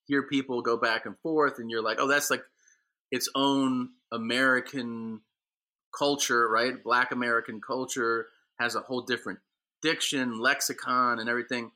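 A man's voice: mid-range voice, fairly even intonation, moderate pace, bright, forceful tone. A man, a comedian on a podcast, telling profane stage stories in casual chat and doing mock voices for the people in them. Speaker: comedian guest.

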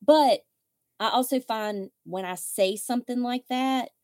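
Woman, podcast host, casual chat, wry candid storytelling, fairly high pitch, dry close mic. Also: measured pace, no room sound. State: widow.

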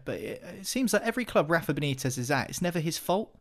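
A man's voice: on the high side, big pitch swings, fast talker. A man talking football as a podcast pundit, chatty, with many restarts and fillers. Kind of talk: casual football chat.

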